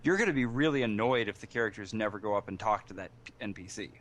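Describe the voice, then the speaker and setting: A man's voice: lowish voice, expressive, fast, a bit bright. A man co-hosting a casual gaming podcast, encouraging and self-deprecating as he gives advice. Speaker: podcast co-host. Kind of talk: casual chat.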